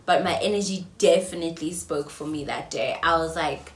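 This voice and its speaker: A young South African woman in her twenties telling a storytime vlog, swinging between loud outbursts and hushed whispers. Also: low-pitched, brisk. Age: 20s. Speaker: vlogger. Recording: roomy echo, mic at a distance, faint ambience.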